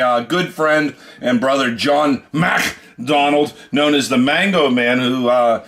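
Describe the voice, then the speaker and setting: A middle-aged male radio host chats casually in an even, mid-range voice. He rambles a little, leaning on frequent fillers as he talks through the news. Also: mid-range voice. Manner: rambling, friendly, many "uh" fillers.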